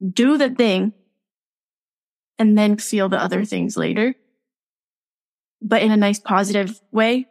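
A woman's voice: mid-range voice, a little slow, long pauses, darkish tone. Candid, giggly young woman guest. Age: young adult. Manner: candid, laughs often, filler-heavy. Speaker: podcast guest. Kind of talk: casual podcast interview.

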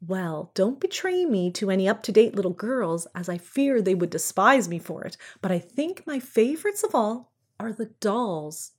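A woman voicing a kindly old Santa Claus, gentle and earnest, speaking in a confiding, fond way in a storybook reading. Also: mid-range voice, big pitch swings, moderate pace, few pauses, slightly rough. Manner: warm, confiding, fond of toys.

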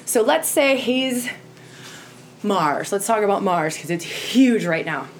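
A woman's voice: medium pitch, lively intonation, slow pace, slight background noise. A woman teaching tantra to a group in an impassioned way, often checking in with "right?" and acting out quoted voices.

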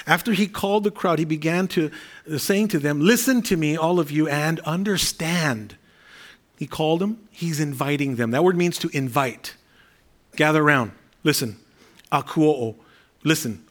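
Earnest male pastor preaching. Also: on the high side. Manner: earnest, conversational preaching with Greek word study. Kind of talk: sermon.

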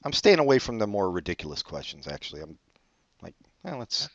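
A man's voice: low-pitched, very animated, fast, dry recording. A man co-hosting a casual podcast chat, laid-back and casually profane, asking questions. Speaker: podcast co-host. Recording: dull dry close-mic audio.

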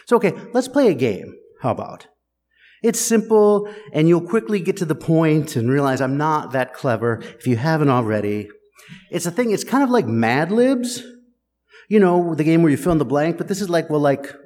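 A man's voice: fairly high pitch, a little mellow. A man preaching a sermon in a conversational, wry and teasing way, talking directly to his congregation. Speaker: pastor. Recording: long hall reverb.

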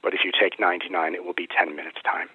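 A man's voice: deep voice, level tone, fast talker, husky, dry recording. A man voicing an ancient, wise male spirit guide who speaks in a loving, biblical tone. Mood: solemn, tender. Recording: tinny phone-like line.

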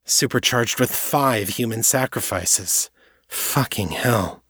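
A man's voice: medium pitch, slow pace, a bit bright, slightly rough, no room sound, clean studio sound. A man voicing a frustrated female magic investigator in an audiobook, sour and clipped. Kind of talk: audiobook character voice.

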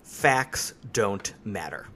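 A man's voice: fairly low pitch, very slow. A tired man hosting a podcast, chatting casually and making fun of himself. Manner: relaxed, self-mocking. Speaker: podcast host. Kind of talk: casual chat.

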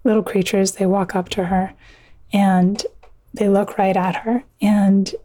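A woman author telling an old myth in a conversation, earnest and vivid, with quick asides. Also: mid-range voice, level tone, warm tone, no echo. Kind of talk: conversational storytelling.

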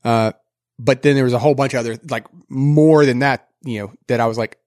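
A man's voice: mid-range voice, steady tone, brisk, darkish tone, no room sound, studio quality. A man co-hosting a podcast, rambling in casual chat with lots of filler words. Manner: rambling, filler-heavy with many "like"s. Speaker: podcast co-host.

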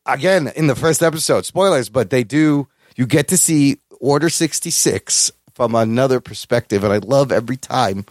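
A man co-hosting a podcast in casual chat, profane and enthusiastic, with animated swings in pitch. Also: moderate pace, few pauses, no echo, clean studio sound. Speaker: podcast co-host.

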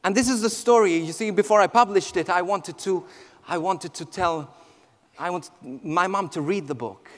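High-voiced priest in a reverberant hall. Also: male voice, moderate pace. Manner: emotional storytelling, swinging from hushed to near shouting. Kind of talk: personal testimony talk.

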